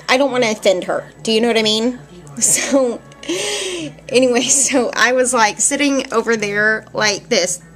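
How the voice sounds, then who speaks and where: Rambling, animated woman vlogger. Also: fairly high pitch. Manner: rambling, animated, quick to laugh. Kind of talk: casual storytelling vlog. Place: at home indoors. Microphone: handheld camera at arm's length.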